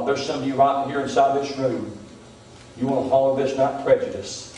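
A man's voice: mid-range voice, steady tone, normal speed, mellow, a little hiss or hum. A man preaching a revival sermon as pastor, repeating "my friend" often, recorded from a distance in a church. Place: church sanctuary. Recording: very echoey church hall, mic far off. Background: congregation amens.

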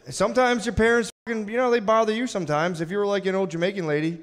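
A man's voice: sits high, steady tone, rapid-fire, long reverb tail. A man doing improvised stand-up, brashly teasing the crowd and swearing freely. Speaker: stand-up comedian. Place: comedy club stage.

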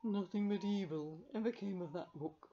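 A woman voicing a dignified male magic cat who speaks slowly, solemnly and formally. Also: medium pitch, dull audio, a little hiss or hum, pitched above the performer's own voice, close to an everyday voice. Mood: grave. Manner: slow, solemn, formal speech.

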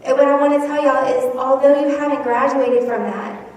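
A woman's voice: sits high, fairly even intonation, normal speed, darkish tone. A woman youth pastor giving an earnest, emotional farewell address to graduating youth in a church hall. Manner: earnest, emotional, laughs between lines. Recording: echoey hall from far off, faint noise.

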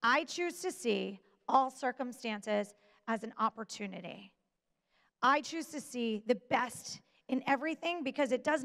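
A woman giving a motivational talk to an audience, emphatic and deliberate, with pauses for weight. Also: sits high. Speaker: motivational speaker. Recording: long reverb of a large hall.

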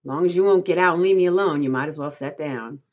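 A man's voice: high voice, expressive, a little fast. A woman reading a novel aloud to a class, voicing a proud, aloof crippled stable hand who speaks sharply and territorially, on a dull lo-fi recording. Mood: grudgingly friendly.

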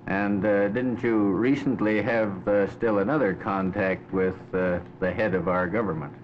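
A man with a lowish voice asks courteous questions in a formal broadcast style. The recording is dull and lo-fi, from the 1950s. A faint hiss sits underneath. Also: fairly even intonation, moderate pace. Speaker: interviewer.

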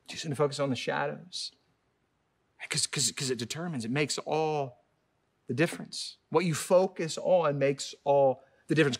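Emphatic male pastor with a high voice. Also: creaky. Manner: emphatic, swings between loud high peaks and soft low asides; repeats words and phrases for emphasis. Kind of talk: sermon.

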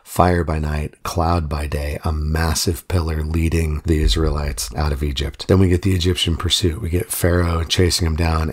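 A man's voice: very deep voice, husky. A man giving a conversational, earnest reflection on a Bible reading as a pastor.

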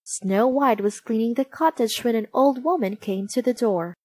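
A woman narrating a storybook aloud, slow, clear and expressive. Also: a little high, no room sound.

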